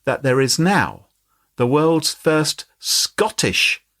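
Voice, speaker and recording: A man's voice: on the high side, slow pace. A man hosting a podcast in casual, jokey chat. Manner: jokey, playful, animated. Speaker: podcast host.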